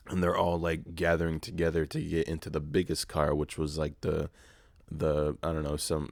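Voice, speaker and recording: A man's voice: rumbling low, a little mellow, no echo, clean studio sound. A man in his early twenties hosting a solo podcast, telling a rambling, profane, self-mocking story in casual chat. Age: early 20s. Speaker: podcast host.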